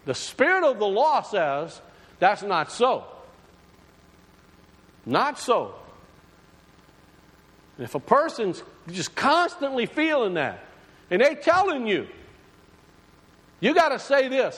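A man's voice: very high-pitched, big pitch swings, takes it slowly, pauses often, a bit bright, breathy edge. A man preaching a sermon, talking conversationally and asking his congregation questions. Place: church sanctuary. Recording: long hall reverb.

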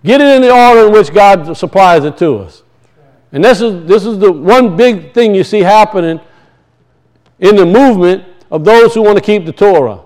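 High-voiced animated male preacher. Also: moderate pace, poor audio. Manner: animated preaching, rises and drops in pitch, acts out quoted voices; repeats and restarts phrases for emphasis. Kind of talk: sermon.

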